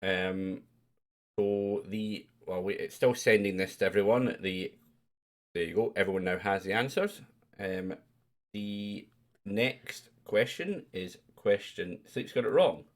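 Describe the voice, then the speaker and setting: A man's voice: on the low side, slow pace. A Scottish man casually hosting a live-stream quiz, chatty and jokey as he reads out questions. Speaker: quiz host.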